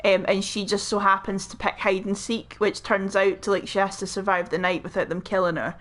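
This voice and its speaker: A woman chatting casually while playing a game, her pitch in the middle of the usual range. She rambles through her explanations and leans on fillers as she goes. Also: level tone, fairly quick, a bit bright. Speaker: gaming channel co-host. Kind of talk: casual chat during gameplay.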